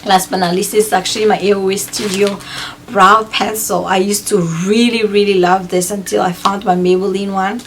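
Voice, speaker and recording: A woman's voice: mid-range voice, steady tone, normal speed, a little hiss or hum. A woman vlogger chatting casually through a review of used-up beauty products, with frequent fillers and repeated words. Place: home in Hawaii.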